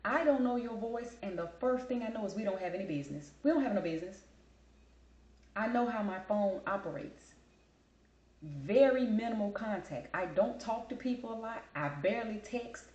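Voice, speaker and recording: A woman's voice: mid-range voice, lively intonation, normal speed, a little mellow, reverberant, muffled recording. Blunt, talkative woman host. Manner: blunt, emphatic, talkative storyteller. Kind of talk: casual chat.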